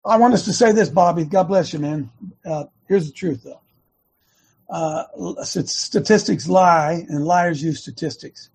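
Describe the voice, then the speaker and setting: Fired-up guy hosting his show, husky voice, keeps repeating himself, talks fast. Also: fairly high pitch, a little mellow. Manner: emphatic, fiery, repeats words in bursts. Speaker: host of an online activist show. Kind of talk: fast casual preaching talk.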